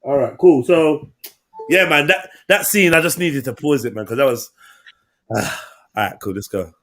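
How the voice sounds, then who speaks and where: A man hosting a live stream, telling stories in lively slang and laughing often. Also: on the high side, normal speed. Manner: animated storytelling, slangy, laughs a lot. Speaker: stream host. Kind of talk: casual chat on a live stream.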